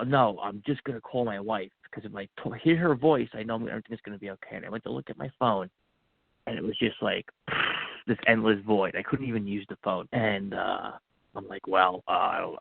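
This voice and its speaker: A man's voice: lowish voice, gravelly, slightly rough, no echo. A man, a podcast guest, telling his own story earnestly and acting out what he said to himself in the moment. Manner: earnest, acts out his own inner dialogue. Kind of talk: personal storytelling. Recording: tinny phone-like line, dry.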